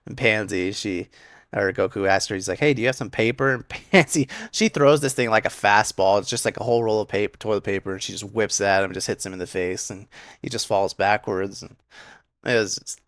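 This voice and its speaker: A young man casually recapping an anime episode, enthusiastic and acting out quick quoted lines as he retells scenes. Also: on the low side, a bit bright, no room sound, studio quality.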